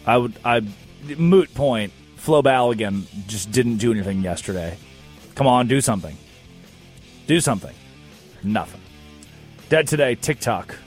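A man hosting a casual sports talk show, telling stories in an animated, joking way. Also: mid-range voice, measured pace, long pauses, soft background music. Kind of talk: casual comedic chat.

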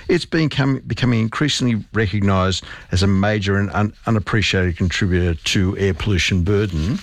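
A man with a fairly low voice explains research findings as the expert on a health radio segment. He talks in an earnest, lecturing way with the odd restart, and the sound is dry and close. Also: dry recording.

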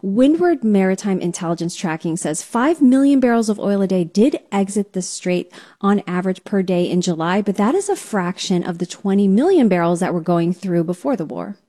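A woman international correspondent answering a news host's questions in a measured, explanatory way. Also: mid-range voice, lively intonation, dark tone.

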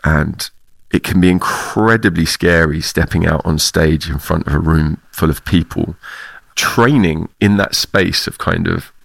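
A man's voice: sits low, unhurried, vocal fry, a bit bright, no echo. A middle-aged man from the UK, a theater clown, answering interview questions reflectively and laughing often. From United Kingdom.

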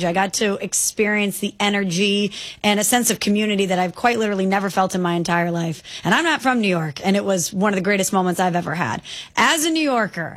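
A woman's voice: medium pitch, a bit bright. Woman host, casual sports chat, upbeat, asks questions.

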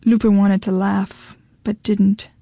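A woman reading a novel aloud in measured storytelling narration. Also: medium pitch, little pitch movement, creaky, dark tone, no echo. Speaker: audiobook narrator. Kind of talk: scripted narration.

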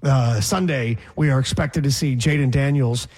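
A man's voice: medium pitch, moderate pace, a little mellow, breathy edge. A man hosting a casual sports talk show, joking around and drawling words for effect. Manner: playful, mimics voices and drawls words for effect. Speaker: sports radio host.

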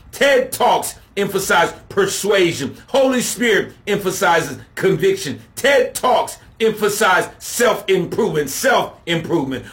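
A man preaching a sermon, slow and emphatic, building to shouted refrains as he contrasts points. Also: high voice.

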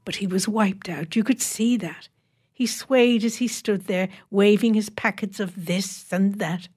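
A woman narrating a short story in a measured, wry storytelling voice. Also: mid-range voice, a little mellow, husky. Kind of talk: reading a short story aloud.

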